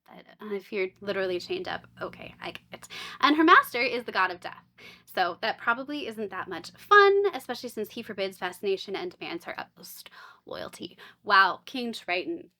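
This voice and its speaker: A woman's voice: mid-range voice, sing-song, brisk, bright, forceful tone. A woman vlogger chatting casually through a book box unboxing, with wry asides and sarcastic jokes.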